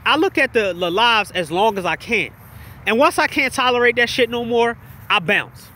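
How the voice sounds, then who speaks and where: Brief: a high-voiced man with a sharp, bright tone rants heatedly on a livestream, profane and repetitive, and calls out his chat directly. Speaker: livestream commentator.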